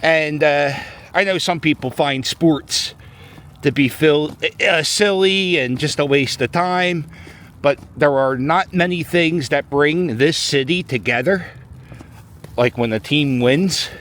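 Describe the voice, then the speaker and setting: Walking through a snowy city plaza, a middle-aged Philadelphian jokes and rambles into his handheld camera. His voice is slightly high and a bit bright, and he takes it slowly, with faint background noise in the clip.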